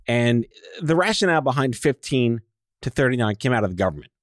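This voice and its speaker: A man hosting an interview show, asking questions with teasing jokes and quick asides. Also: medium pitch, sing-song, no echo, studio quality. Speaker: podcast host. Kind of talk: casual interview chat.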